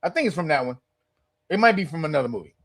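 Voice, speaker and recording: Male podcast host, casual profane rant, laughs often, very lively pitch. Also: rapid-fire, vocal fry, husky. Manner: animated, profane, laughs often while ranting. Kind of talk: casual ranting commentary.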